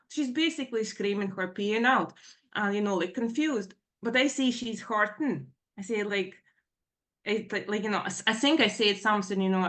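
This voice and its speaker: A middle-aged woman giving a personal account in a Q&A session, talking in a halting, rambling way full of fillers and nervous emotion. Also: mid-range voice, a bit bright. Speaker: participant in a Q&A session.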